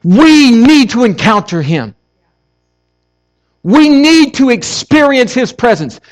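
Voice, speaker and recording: A man's voice: very high-pitched, very animated, takes it slowly, rough recording. A man preaching a passionate sermon in a conversational way, with casual asides. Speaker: pastor.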